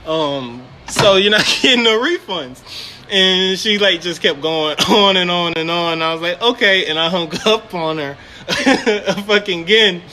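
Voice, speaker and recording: A man's voice: high-pitched, measured pace, sharp tone. A man casually telling a story about his job managing a store, laughing often and swearing freely. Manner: laughing often, swearing, quoting in put-on voices.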